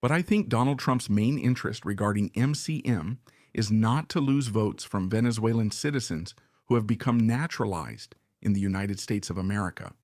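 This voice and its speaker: A man with a gravelly edge to his voice delivers opinionated commentary, leaning hard on his points and stacking rhetorical questions. The sound is close and dry, with no room around it. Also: lowish voice, normal speed, a little mellow, no room sound. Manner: emphatic, repeats points and fires rhetorical questions. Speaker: political commentator. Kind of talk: opinionated current-affairs commentary.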